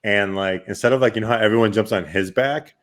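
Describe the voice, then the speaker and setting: A man's voice: on the low side, quick pace, fairly bright tone. A man hosting a casual podcast chat, loose and playful, swearing freely. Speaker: podcast host.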